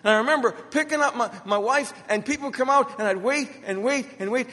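A very high-pitched man preaches fast with hardly any pauses, his tone pushed and bright. This middle-aged pastor uses emphatic repetition and personal stories to make his points, with a hall's long reverb around him.

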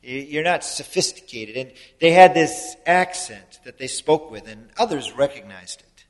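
A man's voice: medium pitch, animated, normal speed. Man preaching in a reverberant hall. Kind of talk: sermon.

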